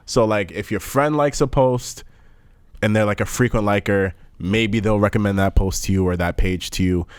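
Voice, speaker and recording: A man's voice: fairly low pitch, fairly even intonation, normal speed, smooth, no echo, studio quality. A young man co-hosting a podcast, telling a story in loose, joking slang. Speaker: podcast co-host. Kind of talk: casual chat.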